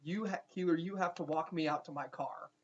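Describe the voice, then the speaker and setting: A man's voice: on the high side, brisk, natural voice. A man voicing a jittery, frightened young male teacher who pleads anxiously, on a dull lo-fi recording.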